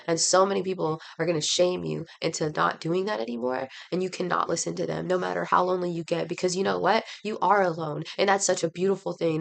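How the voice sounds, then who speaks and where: Lady retelling a proud earnest woman in her 30s, low gravelly voice, kinda preachy. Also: a bit bright.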